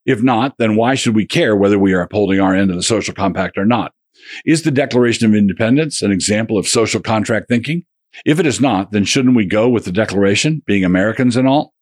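A man's voice: fairly low pitch, dry recording, clean studio sound. A man reading his own polemical essay aloud as a religious commentator, with a sardonic, combative manner and a run of rhetorical questions.

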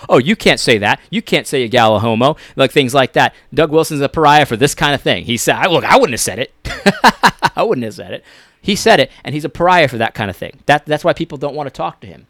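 A man giving impassioned commentary, preachy and repetitive, swinging between loud emphasis and near-whispered lines. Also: mid-range voice, dry recording.

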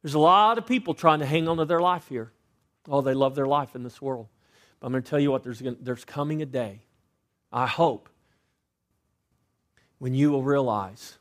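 A pastor preaching a sermon, swinging between loud emphasis and hushed asides and asking rhetorical questions. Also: male voice, mid-range voice, normal speed, pauses often. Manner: asks the congregation rhetorical questions.

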